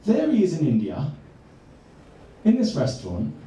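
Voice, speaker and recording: A man, a coach, telling a personal story earnestly and slowing down for emphasis. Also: fairly high pitch, wildly swooping pitch, warm tone. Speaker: transformational coach. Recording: echoey room, far from mic.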